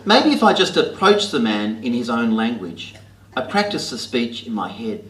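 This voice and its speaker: An Australian man reading his own comic writing aloud to an audience with a wry, deadpan, self-mocking delivery, in a library talk venue. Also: medium pitch, normal speed, slight background noise. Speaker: author reading his work. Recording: roomy hall with faint ambience.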